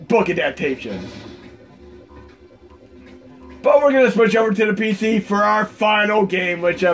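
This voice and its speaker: A man hosting a retro gaming video, chatting casually and enthusiastically over gameplay, rambling with frequent fillers. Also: high voice. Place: home computer setup. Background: loud game music.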